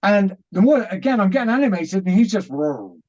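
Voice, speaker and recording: A British man telling his story as an interview guest, animated and laughing as he acts out what was said. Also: high voice, fast talker, highs cut off.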